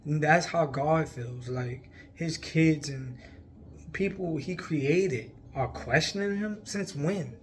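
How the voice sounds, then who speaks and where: A man's voice: on the high side, slow. A man talking earnestly to his viewers about faith, pleading and repeating himself, with frequent laughs. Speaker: faith vlogger. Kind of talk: casual spiritual encouragement to camera.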